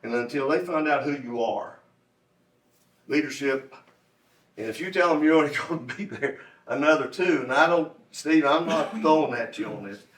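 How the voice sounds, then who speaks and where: A man's voice: fairly high pitch, normal speed, a bit bright. Folksy man speaking in an echoey room. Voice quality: folksy, rambling, with emphatic repetition. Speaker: candidate for state delegate. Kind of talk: campaign speech at a club meeting. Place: meeting room. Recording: roomy echo, distant mic.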